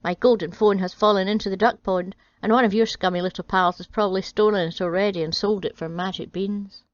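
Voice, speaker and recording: A woman's voice: medium pitch, steady tone, a little fast, dry recording, lightly acted. A spoiled, snobbish young princess from a storybook parody, played by a woman, scornful and haughty. The recording sounds dry and a little muffled.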